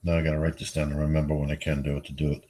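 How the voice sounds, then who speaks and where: Weary, low-voiced New man. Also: completely flat delivery, racing, warm tone. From New York. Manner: profane, wisecracking, easily amazed. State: tired, yawning. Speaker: streamer chatting with viewers. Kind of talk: casual chat.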